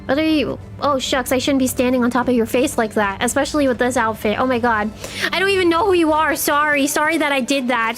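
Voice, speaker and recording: A woman's voice: high voice, fairly quick, fairly bright tone, soft background music. A young woman streaming a game live, chatting with her viewers in a playful, teasing way.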